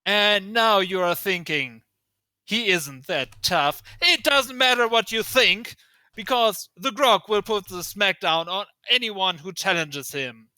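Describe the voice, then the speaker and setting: A man hamming up a swaggering half-orc wrestler who brags about himself in the third person. The voice is bright and smooth, slow and emphatic, in a dry, close recording. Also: high-pitched, lively intonation, no room sound, pitched above the performer's own voice, heavily acted. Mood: boastful.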